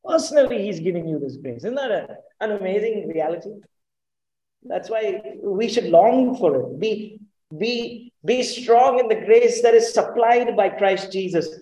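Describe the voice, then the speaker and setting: A man's voice: high voice, lively intonation, a little slow, dark tone, roomy sound, poor audio. A man preaching a sermon in an earnest, emphatic way, often putting questions to the congregation.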